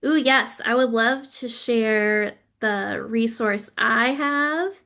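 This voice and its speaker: A woman's voice: fairly high pitch, slow, sharp tone. A woman hosting an online teaching session, affirming her guest and relaying questions from viewers. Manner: affirming, with short backchannels. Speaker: host.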